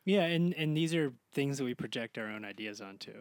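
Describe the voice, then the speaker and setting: A man's voice: mid-range voice, expressive, fairly quick, no room sound. A man thinking aloud on a book podcast, rambling through his ideas with lots of fillers. His voice sits in a middle register. The recording is dry and close. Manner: musing, filler-heavy, trails off into restarts. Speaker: podcast co-host. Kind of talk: casual book-club chat.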